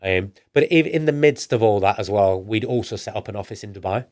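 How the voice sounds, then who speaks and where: A northern English entrepreneur with a low, darkish voice guests on a podcast, telling stories casually in an animated, brisk way. He rambles and restarts, acting out quoted dialogue as he goes.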